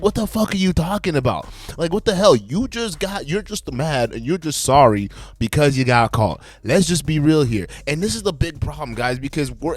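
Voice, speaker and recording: A man's voice: fairly high pitch, no room sound. A man hosting casual reaction commentary, blunt and emphatic, swearing heavily as he talks.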